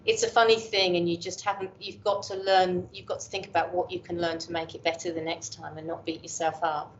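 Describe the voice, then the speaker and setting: A woman's voice: lowish voice, level tone, a little fast, slight background noise. A woman in her fifties with an English accent, a professor guest talking candidly and chattily in an interview. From England. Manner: candid, chatty, self-deprecating. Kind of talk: reflective casual interview talk. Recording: dull lo-fi audio.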